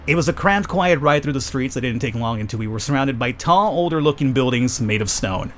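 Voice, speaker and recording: Man, let's play host, reads game text aloud, jokey self-mocking asides, medium pitch. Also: lively intonation, fairly quick, a little hiss or hum. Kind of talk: reading a visual novel aloud with jokey asides.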